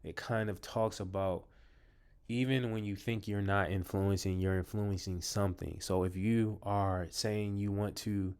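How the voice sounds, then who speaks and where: A man's voice: lowish voice, fairly even intonation, measured pace, a little mellow, clean tone. A man casually talking to his viewers about his favorite books, rambling, with many ums and restarts. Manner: addresses viewers as "you guys". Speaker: vlogger reviewing books. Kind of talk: casual talk to camera.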